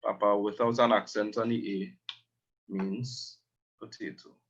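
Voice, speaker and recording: A man teaching a language lesson, slowly explaining words and repeating them. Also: on the low side, level tone, muffled recording.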